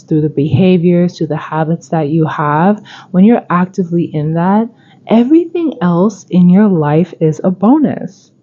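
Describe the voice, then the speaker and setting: A woman's voice: fairly low pitch, dark tone, highs cut off. A woman hosting a self-help podcast, talking in an earnest, coaching way and often repeating herself. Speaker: podcast host.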